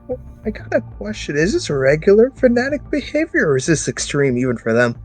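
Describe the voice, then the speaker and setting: A man playing a tabletop game who asks practical questions and sometimes speaks quietly. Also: fairly high pitch, wildly swooping pitch, fairly quick, husky, soft background music. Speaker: player. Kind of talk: casual tabletop play.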